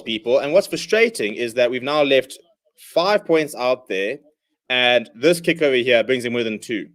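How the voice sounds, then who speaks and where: A young man hosting a live watchalong, calling the play and reading out viewer comments, and he bursts out loud at big moments. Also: mid-range voice, normal speed. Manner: excitable, shouts at big plays, reads viewer comments. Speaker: host.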